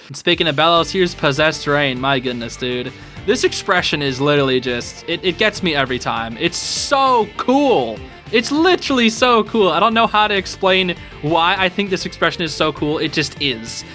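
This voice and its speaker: An excitable young man reacts to fan art in casual, chatty commentary. His bright, slightly high voice swings up and down a lot. Quiet music plays behind him. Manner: excitable, says "dude" a lot, laughs often. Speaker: host reviewing fan art. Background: soft background music.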